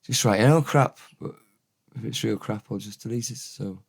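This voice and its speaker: A man giving a relaxed, off-the-cuff vocabulary lesson, repeating each word for learners. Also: on the low side, normal speed, gravelly, breathy edge. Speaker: Welsh language teacher.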